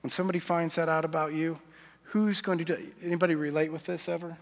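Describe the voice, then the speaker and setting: Casting note: slightly high-voiced male pastor, chatty and confessional sermon, long hall reverb. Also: little pitch movement, fast talker. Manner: conversational, confessional, asks the audience often.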